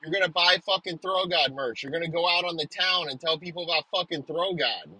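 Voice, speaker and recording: A man's voice: a little high, fairly quick, sharp tone, breathy edge, dry recording, poor audio. A man delivering an aggressive comedic rant, swearing nonstop and hurling insults.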